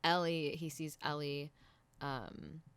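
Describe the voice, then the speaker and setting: Chatty low-voiced woman recapping a show. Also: fairly even intonation, takes it slowly, fairly bright tone, clear, resonant tone, no room sound. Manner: rambling, full of fillers and restarts. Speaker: podcast co-host. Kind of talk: casual episode recap chat. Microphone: desk mic.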